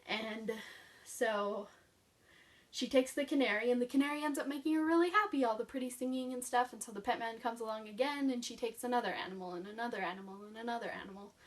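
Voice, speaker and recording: A woman's voice: fairly high pitch, fast. A woman chatting casually about her favorite childhood books, rambling and enthusiastic with lots of fillers. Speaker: book vlogger. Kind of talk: casual book review chat. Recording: voice picked up from a distance.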